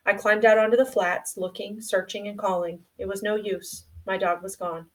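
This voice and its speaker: Woman, audiobook narration, subdued, mid pitch, slightly distant mic. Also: fairly even intonation, moderate pace. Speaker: audiobook reader. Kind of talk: novel reading.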